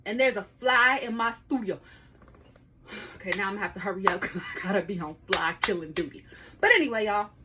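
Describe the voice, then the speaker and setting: A woman's voice: mid-range voice, expressive, fairly quick, noisy background. A woman in her thirties hosting her own podcast, telling a story to her listeners in a casual, profane way and laughing often, recorded in her home studio. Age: 30s. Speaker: podcast host.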